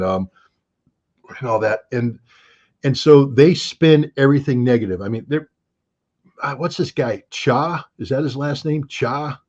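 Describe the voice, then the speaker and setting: A man's voice: medium pitch, a little mellow. A man giving casual livestream commentary, blunt and sardonic, who often repeats words as he thinks. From United States. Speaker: guest commentator. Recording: dull lo-fi stream audio.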